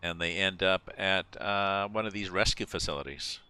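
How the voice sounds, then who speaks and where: A man's voice: deep voice, normal speed, bright, forceful tone, clear, resonant tone, no echo. A man streaming a farming game, chatting casually and thinking aloud as he goes. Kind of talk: casual gameplay chat.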